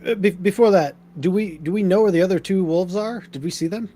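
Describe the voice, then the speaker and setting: Stumbling, higher-voiced man at a game table. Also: brisk, warm tone. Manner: stumbling, repeats words. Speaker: player. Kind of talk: casual chat in a tabletop game.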